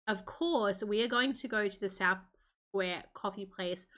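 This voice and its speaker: A woman's voice: medium pitch, a little slow, fairly bright tone. A woman hosting a gaming video, chattily narrating a life-sim story.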